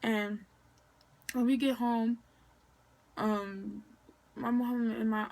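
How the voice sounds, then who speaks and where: A woman's voice: fairly high pitch, level tone, very slow, gravelly, a little mellow. A young woman from Maryland telling a casual storytime vlog, chatty and full of fillers and slang. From Maryland, USA. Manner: chatty, filler-heavy, slangy retelling with quoted dialogue. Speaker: vlogger.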